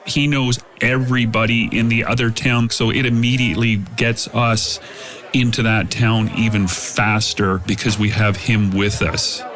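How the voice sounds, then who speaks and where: A man's voice: on the low side, flat delivery, measured pace, fairly bright tone, faint music behind. Matter-of-fact man recalling undercover work. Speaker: former undercover officer. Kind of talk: interview recollection.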